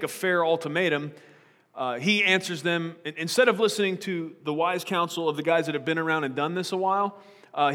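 Casual pastor preaching in a reverberant hall. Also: male voice, on the high side, fairly bright tone. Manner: casual, joking asides between scripture reading. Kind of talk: sermon. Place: church sanctuary. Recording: long church hall reverb.

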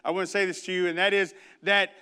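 A man preaching a sermon and reading scripture, emphatic, with loud bursts and hushed asides, and humorous conversational stories. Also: high voice, level tone, fast, clear, resonant tone. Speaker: pastor.

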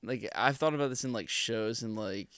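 A man's voice: medium pitch, normal speed, fairly bright tone, clean tone, no room sound. A young man co-hosting a podcast in casual chat, laid-back and agreeable, saying "dude" a lot. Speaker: podcast co-host.

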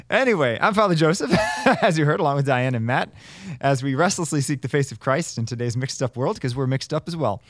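A man's voice: medium pitch, expressive, no room sound. A man, a Catholic priest co-hosting a podcast, talking in an earnest, questioning way. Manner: earnest, questioning, quick to laugh. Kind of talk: casual podcast chat.

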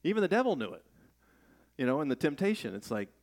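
A man's voice: a little high, sing-song, fast, darkish tone. A middle-aged man preaching a sermon in a conversational way, asking rhetorical questions and raising his voice for emphasis. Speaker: pastor.

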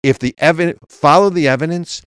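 A man's voice: on the high side, fairly quick, clean tone, no room sound, clean studio sound. A man co-hosting a political talk show, arguing emphatically and reading legal text aloud. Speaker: co-host.

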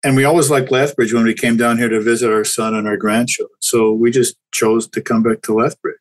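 A man's voice: mid-range voice, level tone, a little fast, rough recording. Older man, candid and reflective. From Canada. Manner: candid, reflective, with stumbling restarts. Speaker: guest chiropractor. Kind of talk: casual interview talk.

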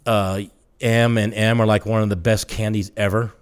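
A man's voice: on the low side, little pitch movement, normal speed, clear, resonant tone. A man co-hosting a podcast in casual chat, telling stories, making puns and laughing often. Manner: punning, storytelling, laughs often. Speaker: podcast co-host.

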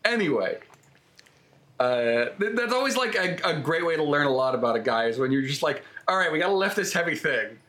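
Male podcast co-host, playful and loose, slightly raised pitch. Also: sing-song, fairly quick, pushed and bright. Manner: joking, laughs often, tends to slip into a mock accent. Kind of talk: casual banter among friends.

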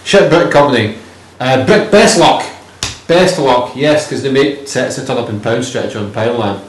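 A man's voice: medium pitch, normal speed. A man co-hosting a podcast in casual chat, rambling, joking and swearing. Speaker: podcast co-host. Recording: roomy room with faint noise.

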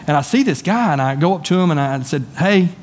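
A man's voice: on the high side, animated, quick pace, a little hiss or hum. A man with a Southern US accent preaching a sermon as pastor, folksy and conversational, often repeating words as he goes. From Southern United States. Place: church sanctuary.

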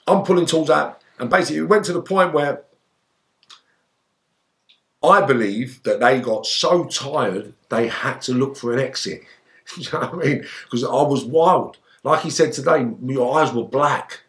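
A man's voice: mid-range voice, a little slow. A man telling stories in a casual interview, swearing a lot and acting out his own outbursts. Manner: animated storyteller, shouting out quoted outbursts, heavy swearing. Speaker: interview guest, former gangster.

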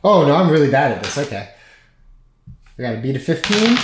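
A man playing a tabletop game, reacting quickly and with excitement. His voice echoes in a roomy space, and steady noise runs behind it. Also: fairly high pitch. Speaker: player. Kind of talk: casual play at a tabletop game.

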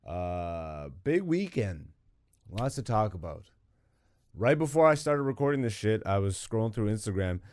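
Alone at a studio microphone, a man hosts his own podcast with a goofy, profane comedic monologue delivered at normal speed. His voice is lowish and somewhat dark, with big swings in pitch, and the recording has no room sound.

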